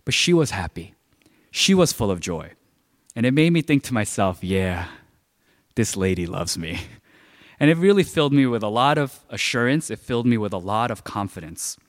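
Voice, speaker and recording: This sermon is delivered by a pastor as a conversational personal story, filled with the filler "like." His voice is medium-pitched, sing-song, and brisk. The recording has a long hall reverb.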